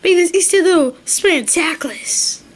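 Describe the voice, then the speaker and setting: A woman voicing a chatty, girly female Easter egg who talks in excited, gushing bursts. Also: very high voice, moderate pace. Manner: gushing, excitable girlfriend talk.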